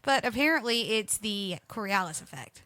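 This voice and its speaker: A woman's voice: mid-range voice, lively intonation, normal speed, sharp tone. A woman chatting casually on a podcast, blunt and teasing. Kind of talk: casual chat.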